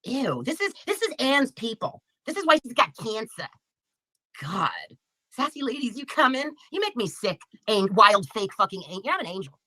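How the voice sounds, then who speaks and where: A woman's voice: a little high, sing-song, moderate pace, bright, forceful tone, dry recording. A woman on a livestream, angrily ranting and taunting viewers by name with heavy profanity. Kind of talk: angry livestream rant.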